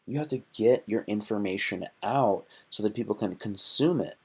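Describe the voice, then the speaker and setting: A man's voice: lowish voice, moderate pace, breathy edge. A man hosting his own live stream, rambling and joking in a profane, repetitive way. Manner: joking, profane, repeats himself.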